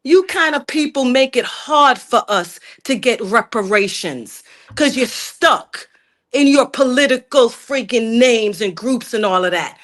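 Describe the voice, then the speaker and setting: This caller, a middle-aged Jamaican woman, speaks a little slowly in a fairly high, slightly bright voice with lively intonation. She argues emphatically and indignantly on a talk stream, addressing the host as "sir" again and again.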